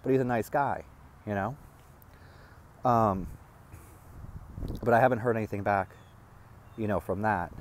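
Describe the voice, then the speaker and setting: A man telling a rambling personal story as a vlogger, halting and restarting as he talks. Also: on the low side, slight background noise.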